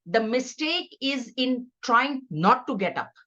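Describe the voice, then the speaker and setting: A woman's voice: high voice, lively intonation, slow pace, sharp tone, highs cut off. A middle-aged woman giving a scripture class, teaching earnestly and conversationally with stories. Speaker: spiritual teacher.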